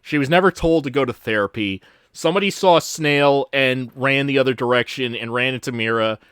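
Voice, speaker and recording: A man's voice: mid-range voice, brisk, fairly bright tone, clear, resonant tone, dry recording, studio quality. A man hosting a podcast, rambling through a casual retelling full of fillers, restarts and offhand swearing. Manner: casual and profane. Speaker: podcast host. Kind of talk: casual chat.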